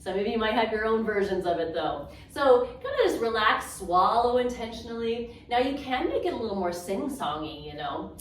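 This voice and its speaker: A woman's voice: a little high, sing-song, slight background noise. A woman leading an adaptive yoga class, guiding vocal and movement exercises in an encouraging, chatty way. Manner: slow, encouraging, chatty with small laughs. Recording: roomy, distant mic with faint ambience.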